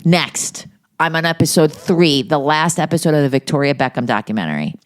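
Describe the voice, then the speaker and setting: A woman's voice: low-pitched, a little fast, a little hiss or hum. A middle-aged woman co-hosting a podcast, telling gossipy, profane stories in casual chat. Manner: gossipy, profane, animated storytelling. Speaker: podcast co-host.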